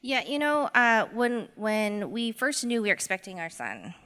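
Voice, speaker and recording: Bright-voiced woman telling a story. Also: medium pitch, animated, moderate pace, clear, resonant tone, big-room sound. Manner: reflective storytelling. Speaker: guest, educator. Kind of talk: conversational podcast interview.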